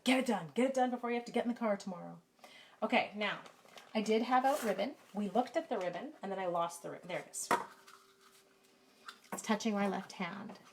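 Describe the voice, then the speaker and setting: A woman's voice: mid-range voice, slight background noise. A middle-aged Canadian woman leading a live card-making lesson from her home craft room, chatty and self-deprecating, talking to viewers by name. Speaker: stamping craft demonstrator. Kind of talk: live-stream craft tutorial with chat. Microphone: camera mic.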